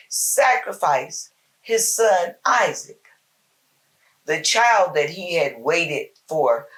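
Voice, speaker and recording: A woman hosting a short Bible talk, preaching in a slow, emphatic, folksy way with lots of repetition. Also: low-pitched. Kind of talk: informal spoken devotional.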